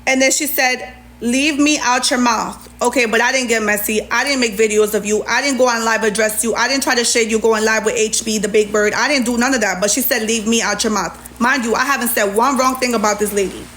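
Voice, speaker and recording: Woman, indignant livestream rant, sassy, slightly high voice. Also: steady tone, quick pace, hardly any pauses, a bit bright. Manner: indignant, sassy, reads messages aloud. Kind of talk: ranting livestream monologue.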